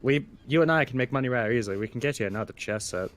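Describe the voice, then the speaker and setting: A man voicing a very short, polite male adventurer who speaks gently and stammers. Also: mid-range voice, very fast, close to an everyday voice. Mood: friendly.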